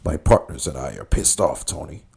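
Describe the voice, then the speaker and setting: A man's voice: rumbling low, lively intonation, vocal fry, darkish tone, breathy edge, voice pushed down, heavily acted. A man doing a growling cartel boss. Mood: menacing. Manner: growl in the voice, slow, threatening. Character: menacing older male cartel boss, cold, growling.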